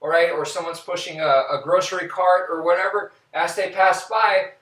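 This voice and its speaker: A man's voice: sits high, normal speed. Man teaching from across an echoey room. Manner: relaxed, talks while demonstrating moves and counting. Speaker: martial arts instructor. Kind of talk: casual demonstration teaching. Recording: roomy echo, from a distance.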